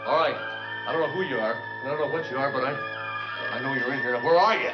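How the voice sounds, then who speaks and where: An actor playing a nervous, stammering husband in a 1960s sitcom. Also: male voice, mid-range voice, fast talker, natural voice. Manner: flustered, stammering, jittery. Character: nervous suburban husband, comedy writer. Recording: dull old TV sound, roomy, laugh track and music.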